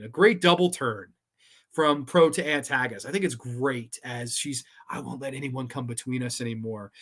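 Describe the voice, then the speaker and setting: A man's voice: a little high, pushed and bright. A man hosting a live horror movie show, talking casually and enthusiastically with loose rambling phrasing and frequent swearing.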